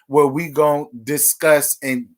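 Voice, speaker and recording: Man, livestream gossip host, sassy, chatty, slightly high voice. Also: little pitch movement, slow pace. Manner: sassy, chatty, talks straight to viewers. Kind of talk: casual reality TV gossip livestream.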